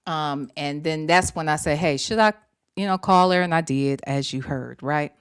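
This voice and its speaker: A woman's voice: deep voice, normal speed, clean tone. A woman hosting a casual livestream, talking to her audience in a chatty way, full of slang and swearing. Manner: chatty, swears freely, lots of slang and "y'all". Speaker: host.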